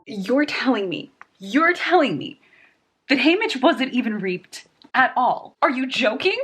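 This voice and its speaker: A woman's voice: on the high side, sing-song, unhurried, a bit bright, husky, soft background music. A young woman vlogging about a book she is reading, talking casually and getting emotional, sighing and exclaiming.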